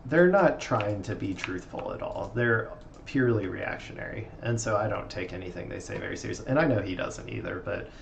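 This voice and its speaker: Gravelly low-voiced man cracking dry jokes. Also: animated, fairly quick, background noise. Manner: dry, sarcastic jokes, laughs a lot. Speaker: co-commentator. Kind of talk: casual reaction chat.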